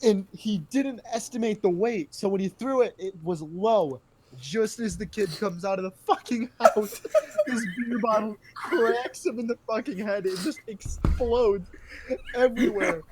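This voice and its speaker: A man's voice: sits high, lively intonation, unhurried, noisy background. A young man telling a profane story to friends on a casual podcast, rambling and often laughing. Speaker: podcast host.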